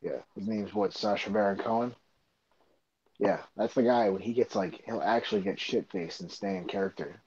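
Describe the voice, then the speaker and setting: Low husky man, swearing, lo-fi. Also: moderate pace, a little mellow. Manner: profane, laid-back. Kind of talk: casual chat.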